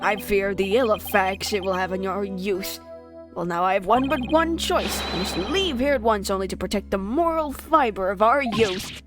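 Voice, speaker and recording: A woman's voice: mid-range voice, normal speed, music in the background, close to an everyday voice. A woman voicing a pompous, fussy male mayor who talks in flowery, grand phrases while reading a game aloud. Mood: grandiose.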